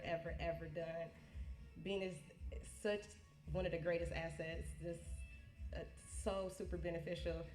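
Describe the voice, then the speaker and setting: Black woman, 30s, emotional party toast, stumbles and repeats, lowish voice, echoey room. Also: darkish tone. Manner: halting, repeats herself, laughs, close to tears. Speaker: niece giving a birthday toast. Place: party hall, indoors.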